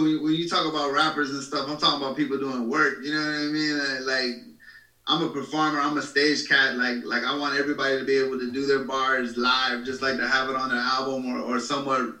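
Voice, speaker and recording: Male podcast co-host, songwriter, bright forceful voice, roomy far sound. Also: medium pitch. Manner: filler-heavy, repeats "you know what I mean". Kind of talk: casual chat. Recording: roomy, distant mic.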